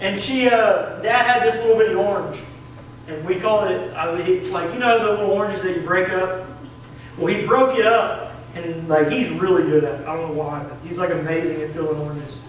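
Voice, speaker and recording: A man's voice: high voice, a bit bright. A young man with a Southern US accent, preaching a sermon as assistant pastor in an earnest, conversational way. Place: church sanctuary. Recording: echoey church from a distance, faint hiss.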